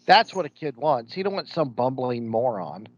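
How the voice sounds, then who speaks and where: Speaking in a mid-range, sing-song voice at normal speed with no echo, this podcast co-host has a Midwestern American accent. He's blunt and opinionated in casual chat, dropping slang like "ain't," and the audio is dull and lo-fi.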